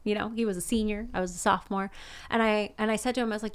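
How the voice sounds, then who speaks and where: A woman's voice: medium pitch, steady tone, very fast. A young woman co-hosting a podcast, telling self-mocking stories in casual chat. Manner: self-mocking storyteller, jokey. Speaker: podcast co-host.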